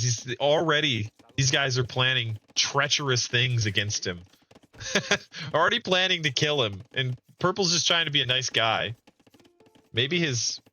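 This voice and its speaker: Bright-voiced male game streamer. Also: mid-range voice. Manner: amused, chuckles often, reads out chat. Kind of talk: casual game commentary.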